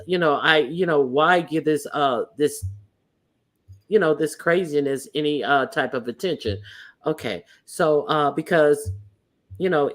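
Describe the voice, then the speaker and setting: A woman hosting a casual livestream, swearing freely and speaking bluntly. She trips over fillers and restarts as she rants. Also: extremely low pitch. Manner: hesitant, lots of fillers and restarts; sassy, blunt, profane. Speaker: livestream host.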